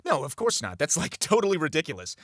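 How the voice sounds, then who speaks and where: A man's voice: on the high side, wildly swooping pitch, quick pace, fairly bright tone, dry recording, studio quality. A man voicing an earnest young male team leader who stammers when flustered.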